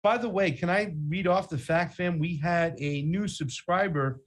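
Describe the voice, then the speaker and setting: A man's voice: high voice, normal speed. A man from Brooklyn co-hosting a casual news talk show, joking in banter and thanking viewers for contributions. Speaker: co-host.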